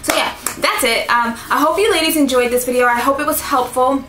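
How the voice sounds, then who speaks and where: A woman's voice: high-pitched, fairly quick, fairly bright tone. Rambling young woman in echoey room. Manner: rambling and repetitive, many fillers. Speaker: beauty vlogger. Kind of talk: casual chat. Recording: roomy echo, faint music.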